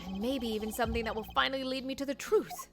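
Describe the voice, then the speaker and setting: A woman's voice: on the high side, natural voice. A woman voicing a poised, formal male prosecutor in a fan voice acting of a game, polite and a little stiff. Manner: polite, measured, slightly stiff. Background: game music.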